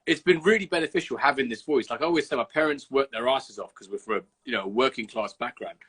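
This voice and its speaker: A man's voice: medium pitch, fast, a bit bright, slightly rough. A man from Birmingham hosting a casual interview over a video call, chatty and blunt, swearing freely. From Birmingham, England. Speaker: host.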